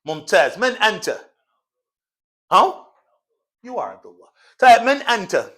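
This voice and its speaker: Very animated and sitting high in pitch, this man's sharp voice moves at normal speed as he teaches Arabic in a mosque classroom. Call-and-response drills mix with frequent jokes, laughter, and casual slang.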